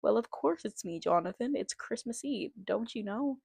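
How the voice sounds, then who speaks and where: A woman voicing a kindly old male Santa in a storybook, calm and gently reassuring. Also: on the high side, normal speed, creaky, breathy edge, no room sound, studio quality, heavily acted. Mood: gentle.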